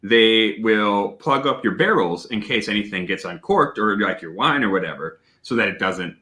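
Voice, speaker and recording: A man hosting a casual whiskey tasting livestream, talking loudly, greeting viewers and laughing often. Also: on the low side, moderate pace. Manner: loud and animated, laughs often. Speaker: host of a whiskey tasting stream.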